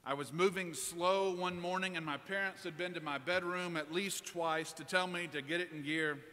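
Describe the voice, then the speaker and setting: A man preaching a sermon in a church, telling a personal story in a relaxed, conversational way. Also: sits high, moderate pace. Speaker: priest preaching. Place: large church. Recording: long church reverb.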